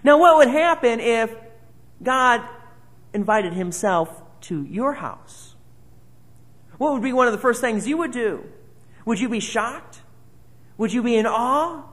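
A man's voice: very high voice, lively intonation, measured pace, pauses often, a bit bright. Man preaching with rhetorical questions. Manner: conversational, asks many rhetorical questions. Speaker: pastor. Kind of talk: sermon.

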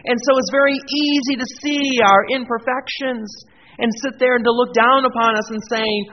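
A male pastor preaching a sermon, lifting his voice on scripture quotes and dropping low for quiet asides. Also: fairly even intonation, normal speed. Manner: earnest preaching, swells in volume on scripture quotes; drops to a quiet, low aside for self-deprecating remarks. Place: church. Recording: dull, lo-fi sound in a reverberant church hall with faint noise.

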